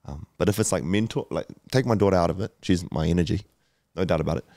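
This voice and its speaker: Gravelly low-voiced man in his thirties. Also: quick pace, mellow, no room sound, studio quality. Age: 30s. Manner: emotional, swears often, many fillers and restarts. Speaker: podcast guest. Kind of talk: candid conversational storytelling.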